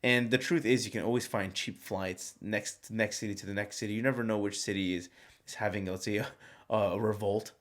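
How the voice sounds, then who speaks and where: A man chatting as a podcast guest, telling travel stories in an animated, joking way. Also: fairly low pitch, fairly quick. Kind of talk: casual chat.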